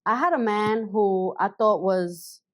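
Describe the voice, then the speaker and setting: A woman from Brooklyn, telling a story in a loud, animated, blunt way. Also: mid-range voice, slow. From Brooklyn, United States. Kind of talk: casual storytelling.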